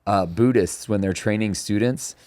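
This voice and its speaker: A man's voice: lowish voice, normal speed, darkish tone, no room sound. A middle-aged man hosting a casual faith-based conversation, earnest and reflective, telling anecdotes with quoted dialogue. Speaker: podcast host and author.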